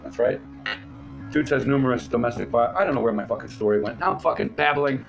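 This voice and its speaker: A middle-aged man with a gravelly, fry-edged voice rambles through a crude, mocking story, stopping and restarting often. Faint music plays behind him. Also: mid-range voice, quick pace. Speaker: channel host. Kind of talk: casual rambling storytelling to camera.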